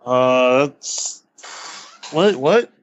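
A man trading dry, deadpan lines on a comedy podcast. He speaks in a flat, unbothered way. The recording is dull and lo-fi. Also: mid-range voice, very slow. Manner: dry, deadpan, impatient to leave. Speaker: podcast co-host.

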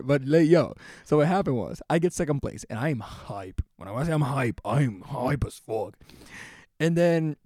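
A young man from the Philadelphia area who co-hosts the show, telling stories in an excitable, animated way, swearing and laughing as he goes. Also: fairly high pitch, dry recording, studio quality. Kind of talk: casual storytelling chat.

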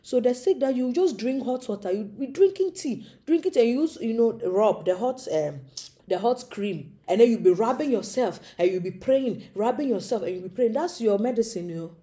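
Speaking at normal speed with a fairly high pitch, this young African woman is a comedic storyteller delivering a comic monologue. She's animated, acting out little character voices along the way.

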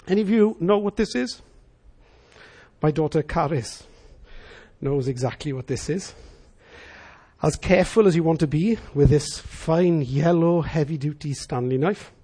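A middle-aged Welsh man preaching a sermon, telling stories and acting out the voices of the people in them. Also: fairly high pitch. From Wales. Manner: animated storyteller acting out voices. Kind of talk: sermon with storytelling.

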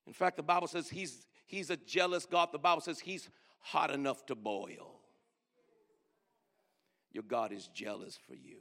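A man's voice: a little high, vocal fry, bright, forceful tone. A man preaching a sermon, urging the congregation to answer back and stretching key words for emphasis. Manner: preaching with call-and-response and drawn-out emphasis. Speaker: pastor. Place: church sanctuary. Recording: long reverb in a large hall.

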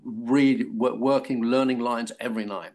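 An older man from London, an actor guest in an interview, telling stories in a halting way with many fillers and restarts. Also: medium pitch, fairly even intonation, a little mellow. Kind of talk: casual interview chat.

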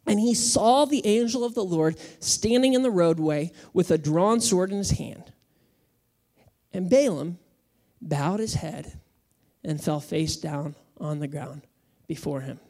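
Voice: mid-range voice, measured pace, warm tone. Conversational, humorous pastor. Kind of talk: sermon.

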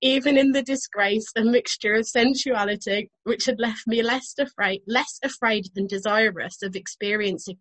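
A woman's voice: medium pitch, steady tone, normal speed, few pauses, a bit bright, low-quality recording. Giggly woman telling a story. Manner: giggly, amused while reading aloud. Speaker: podcast co-host. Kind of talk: casual storytelling chat.

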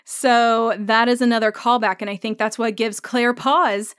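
A woman hosting a solo podcast, talking through her thoughts in a relaxed, conversational way. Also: on the high side, moderate pace, smooth, dry recording, studio quality. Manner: thoughtful, conversational, thinking aloud with fillers. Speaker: podcast host. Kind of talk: solo podcast episode discussion.

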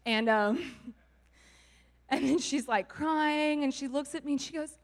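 A woman's voice: high-pitched, takes it slowly. Young woman, bubbly testimony speaker, laughs a lot; reverberant hall. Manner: bubbly storytelling, laughs often. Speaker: youth ministry leader. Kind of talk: church testimony.

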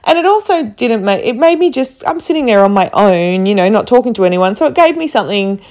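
A woman's voice: fairly high pitch, expressive, fairly quick, darkish tone. A woman from Australia with an Australian accent, telling a rambling travel story to camera with many fillers. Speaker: travel vlogger.

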